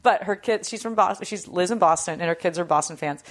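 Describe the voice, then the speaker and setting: A woman co-hosting a sports podcast in casual chat, telling animated stories and acting out quoted exchanges. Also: fairly low pitch, quick pace. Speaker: podcast co-host.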